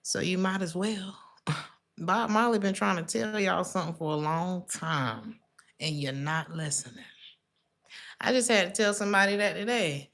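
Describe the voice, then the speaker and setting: A woman's voice: on the low side, normal speed, a bit bright. A woman giving a casual tarot reading, blunt and chatty, laughing often and calling listeners baby and honey. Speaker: tarot reader.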